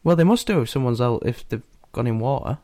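A jokey young man, chatting loosely and laughing often. His pitch moves a lot, and the recording is dry and close. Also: lively intonation, fast talker, mellow, no echo. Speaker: podcast co-host. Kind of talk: casual chat.

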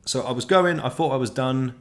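A man's voice: mid-range voice, fairly quick. A young man hosting a podcast, telling a rambling, self-mocking comic story with many fillers. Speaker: podcast host.

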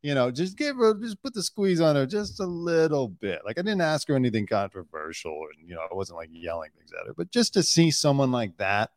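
A man's voice: medium pitch, very animated, fairly quick, few pauses, dry recording, clean studio sound. A man, a podcast host and former celebrity news cameraman, in casual comedic chat, joking and sarcastic as he tells stories. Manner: joking, sarcastic, storytelling with put-on quotes.

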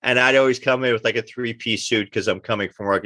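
A middle-aged man, telling animated anecdotes in an interview and acting out the dialogue he quotes. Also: medium pitch, fast talker, no echo. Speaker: actor guest. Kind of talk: casual interview storytelling.

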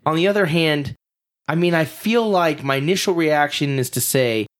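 A man's voice: a little high, moderate pace. A man co-hosting a podcast, musing wryly in casual banter with some swearing. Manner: wry, swearing. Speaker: podcast co-host.

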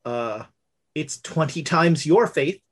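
A woman's voice: low-pitched, lively intonation, slow, voice pushed down, exaggerated voice. A woman voicing a haughty female sun god who talks down to a newcomer. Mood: dismissive. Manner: smug, condescending.

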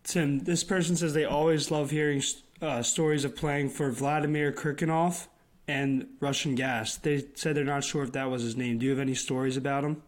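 A man's voice: on the high side, steady tone, moderate pace. A man co-hosting a casual chat show, reading out listener questions plainly.

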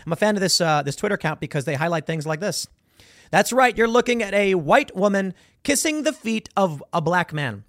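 A male commentary host with a somewhat high voice that swings up and down all the time. He talks with mocking sarcasm in a dry, close recording. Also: animated, a little fast, a bit bright, no room sound. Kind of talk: opinion commentary on a viral video.

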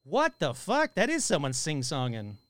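A man hosting a casual live stream who reads listener stories aloud and reacts with loud, swearing exclamations. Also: a little high, huge pitch swings, moderate pace, noisy background.

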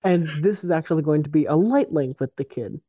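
A man's voice: on the high side, lively intonation, brisk, dry recording. Man, tabletop player, offhand, thin phone-like sound. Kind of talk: casual tabletop game chat. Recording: dry, tinny phone-like line.

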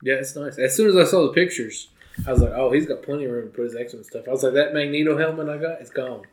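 A man's voice: medium pitch, fast, darkish tone. A young man chatting casually, telling stories in a loose, rambling way and laughing often. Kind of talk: casual chat.

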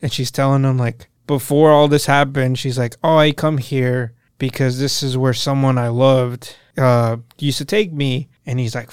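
A young man co-hosting a podcast, casually recapping a show in a profane, animated way and acting out the characters' lines. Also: mid-range voice, normal speed, few pauses, clean tone, no echo, studio quality. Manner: profane, animated retelling with quoted voices. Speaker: podcast co-host.

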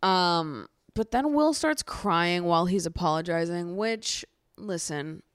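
Female podcast host, casual recap rant, low smooth voice on a dry close mic, exasperated and profane. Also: slow, no echo. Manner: animated, swears freely, exasperated ranting.

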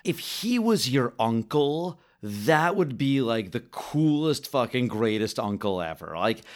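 A young man co-hosting a casual film review podcast, talking in an animated way, swearing casually and stumbling over his words. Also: medium pitch, a little slow. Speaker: podcast co-host.

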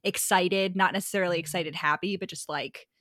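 A woman's voice: fairly low pitch, fairly even intonation, a little fast, a bit bright, dry recording, clean studio sound. A young woman in her twenties co-hosting a podcast, chatting casually with lots of "like" and frequent laughs. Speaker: podcast co-host. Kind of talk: casual chat.

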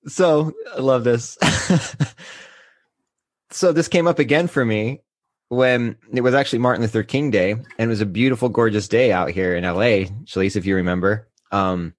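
A man's voice: medium pitch, dry recording. Candid man, dry close sound. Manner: candid, emotional, halting when moved. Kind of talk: casual podcast chat.

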